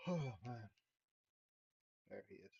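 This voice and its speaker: A man's voice: medium pitch, expressive, very slow, creaky, dark tone, breathy edge. Laid-back profane man streaming a game. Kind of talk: casual live gameplay commentary. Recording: dull lo-fi stream mic.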